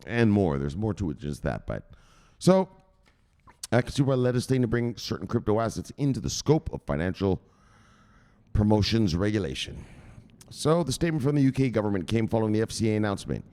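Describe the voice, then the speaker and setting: A low-voiced man hosts a crypto news show with loose, profane, fairly quick commentary, swearing freely. Getting excited, his pitch jumps around, and he hammers points home with a punchy "bang," sounding casual and worked-up rather than scripted.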